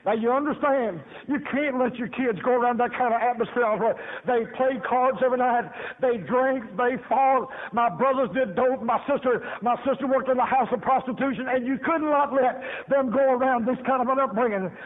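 A man's voice: very high voice, moderate pace, few pauses. A man preacher telling his testimony in a folksy, emphatic way, laughing often and repeating phrases, heard on a tinny broadcast. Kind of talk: sermon testimony storytelling. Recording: tinny phone-like radio broadcast.

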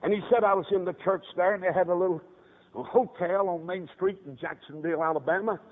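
Fervent preacher on a tinny tape. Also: male voice, fairly even intonation, fairly quick. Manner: fervent, swings from hushed storytelling to high shouted cries. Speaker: evangelist preacher. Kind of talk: old-time revival sermon.

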